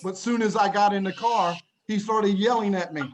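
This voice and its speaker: A man's voice: sits high, fairly even intonation, moderate pace, a loud crowd. A man teaching an online English lesson to children, explaining words patiently and plainly, laughing often, over a video call. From United States.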